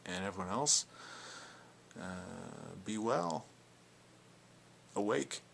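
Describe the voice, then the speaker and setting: Gravelly-voiced man, rambling and defiant. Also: on the low side, expressive, very slow, fairly bright tone, slight background noise. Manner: defiant, rambling, filler-heavy. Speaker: video blogger. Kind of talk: casual spoken response video.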